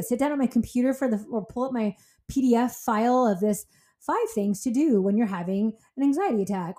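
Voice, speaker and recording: A woman in her forties hosting a podcast, telling a personal story casually, rambling and interrupting herself, getting animated when she quotes people. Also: mid-range voice. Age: 40s. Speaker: podcast host.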